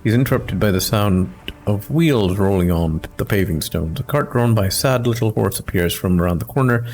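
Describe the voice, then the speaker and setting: A man's voice: fairly low pitch, animated, normal speed, a little mellow, a little hiss or hum, rough recording. A man hosting a let's play, mixing casual commentary with reading game text, in a wry, amused manner.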